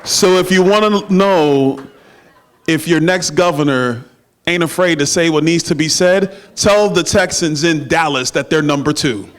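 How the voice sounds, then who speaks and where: A man's voice: on the high side, measured pace, slight background noise. A middle-aged man giving a campaign stump speech at a dinner, with emphatic oratory and playful banter with the crowd. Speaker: political speaker at a party dinner. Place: banquet room. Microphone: handheld microphone.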